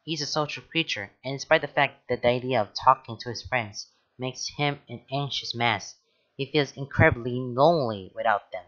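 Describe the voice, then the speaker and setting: A man's voice: medium pitch, moderate pace, fairly bright tone. A man reading fan fiction aloud, adding casual, hesitant asides. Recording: dull lo-fi recording.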